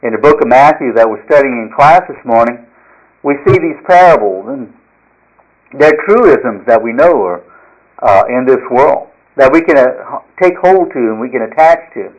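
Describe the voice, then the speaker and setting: A man's voice: mid-range voice, animated, normal speed, muffled recording. A man teaching a morning Bible class, reading scripture aloud and then explaining it in a folksy, conversational way with fillers and restarts. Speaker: Sunday school teacher.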